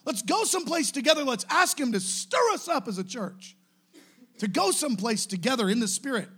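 Young male pastor, fired-up sermon delivery, high voice with big lively swings. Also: a little fast, slightly rough. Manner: impassioned, exhorting, swings from soft to shouting.

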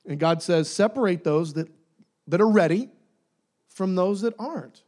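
A man preaching a sermon, animated, acting out voices and dropping to near-whispers for emphasis. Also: high-pitched, normal speed. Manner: dynamic, swinging from loud to soft near-whispers.

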